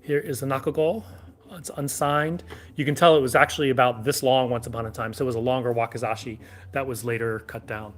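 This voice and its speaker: A man's voice: mid-range voice, a little fast. A man hosting a sword shop livestream in a back room, chatting casually and answering viewer questions. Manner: relaxed, rambling, answers chat questions.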